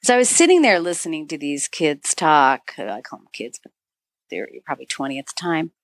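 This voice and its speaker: Woman, middle-aged, low pitch, dry recording, podcast guest, animated storyteller, many fillers. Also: a little fast, no room sound. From northern Michigan. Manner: animated storyteller, acts out quoted dialogue, many "you know" fillers. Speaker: podcast guest, author and avalanche dog handler. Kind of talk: storytelling interview.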